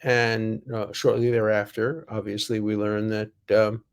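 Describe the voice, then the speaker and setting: An older American man telling personal stories in a casual, halting way, full of fillers and self-corrections. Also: lowish voice, flat delivery, clear, resonant tone. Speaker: storyteller.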